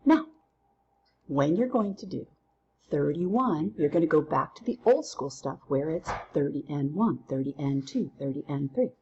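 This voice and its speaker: A woman teaching a recorded lesson through counting drills, playful and quick to use silly memory tricks. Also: low voice, animated, a little mellow, slightly rough, highs cut off. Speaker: Spanish teacher.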